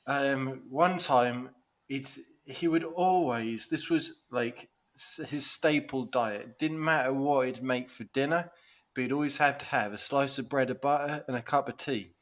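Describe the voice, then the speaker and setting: A man's voice: mid-range voice, measured pace. A man, co-hosting a podcast, swearing freely and laughing through his stories in casual banter. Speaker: podcast co-host.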